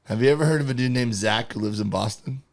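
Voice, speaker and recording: A man's voice: mid-range voice, fast, creaky, a little hiss or hum. A man co-hosting a comedy podcast, joking and teasing in casual chat. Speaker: podcast co-host.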